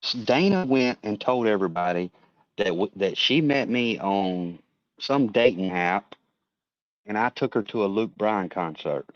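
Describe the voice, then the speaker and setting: Male, heated rambling talker who swears freely, low voice, dry lo-fi audio. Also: expressive, a little slow, no room sound. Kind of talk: casual chat.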